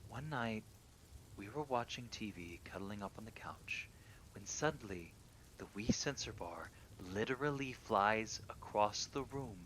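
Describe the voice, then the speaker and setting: A man calmly reading true horror stories aloud, sometimes dropping to a hushed near-whisper. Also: unhurried, a little hiss or hum. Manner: calm, low-key reading that drops into hushed near-whispers. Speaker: horror story reader.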